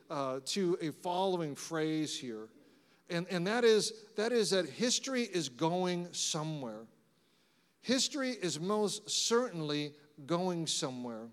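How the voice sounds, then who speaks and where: A man preaches in a high, lifted voice, animated and conversational. He keeps throwing rhetorical questions at the listeners. His words trail off into the long reverb of a large hall. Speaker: pastor. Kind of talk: sermon.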